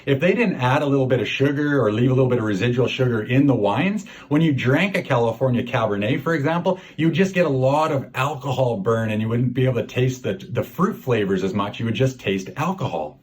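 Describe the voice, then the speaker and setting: A man's voice: mid-range voice, lively intonation, brisk, hardly any pauses. A man from Canada guiding a virtual wine tasting for a charity event, upbeat, chatty and a bit salesy.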